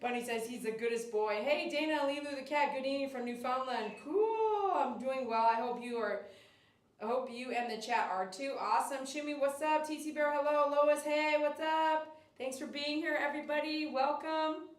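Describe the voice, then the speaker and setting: Speaking at normal speed in a high voice, a woman groomer runs a relaxed livestream in her shop. Between reading out viewer comments, she talks baby talk to a dog. Her distant mic picks up an echoey room.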